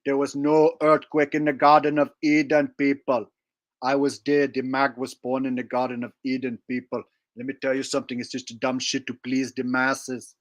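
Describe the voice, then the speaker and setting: A man's voice: mid-range voice, completely flat delivery, normal speed, no echo, close to an everyday voice. A man voicing a ranting conspiracy preacher who lectures in an emphatic, repetitive way. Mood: preachy.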